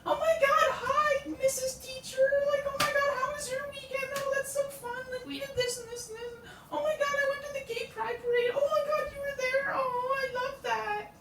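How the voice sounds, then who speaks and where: Dude putting on a shrieky high teen girl gushing at her teacher, roomy sound, mic kinda far. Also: flat delivery, normal speed, hardly any pauses, pushed and bright, a little hiss or hum, full character voice. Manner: squealing, breathless fake enthusiasm. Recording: roomy, from a distance, faint ambience.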